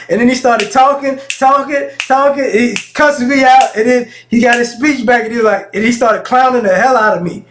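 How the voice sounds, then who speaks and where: A man's voice: very high voice, fairly even intonation, a little fast, hardly any pauses, fairly bright tone, slight background noise. A man vlogging in a casual monologue, telling stories frankly in slang and often restarting his sentences. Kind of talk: casual talking-head monologue.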